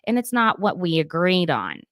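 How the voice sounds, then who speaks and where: A chatty young woman whose Southern accent slips in as she recaps reality TV gossip. Her voice sits low and she breaks into laughs between points. The sound is close and dry. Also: sing-song, moderate pace, no echo. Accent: Southern American. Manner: chatty, laughs often, reads quotes aloud. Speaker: podcast host.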